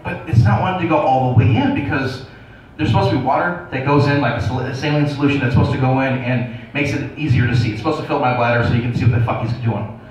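A man's voice: medium pitch, quick pace, hardly any pauses, slight background noise. A man doing stand-up, telling a profane, self-mocking story to a crowd. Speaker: stand-up comedian. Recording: echoey room, distant dull mic.

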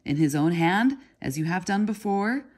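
A woman's voice: fairly low pitch, lively intonation, normal speed, darkish tone, slightly rough. A woman reading aloud voices a fawning male Babylonian porter with a reedy, hissing voice and oily manner. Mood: prying. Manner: oily and ingratiating.

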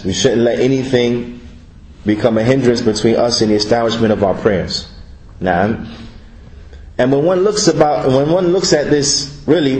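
A man interpreting a religious lecture, speaking deliberately and repeating each point. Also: mid-range voice, darkish tone, roomy sound, a little hiss or hum, poor audio.

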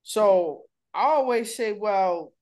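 Telling stories as a co-host in a relaxed conversation, this middle-aged man is frank and playful, dropping into brief impressions along the way. He has a high-pitched voice and speaks a little slowly.

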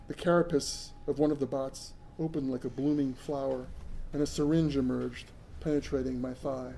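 A man's voice: medium pitch, fairly even intonation, moderate pace, dark tone, a little hiss or hum, poor audio. A man reading his own first-person science fiction story aloud, earnest, with occasional stumbles over words.

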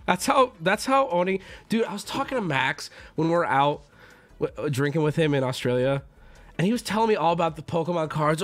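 A man streaming casually and answering his chat, excitable, swearing freely and jumping into loud outbursts. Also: fairly high pitch, a little fast. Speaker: streamer opening card packs.

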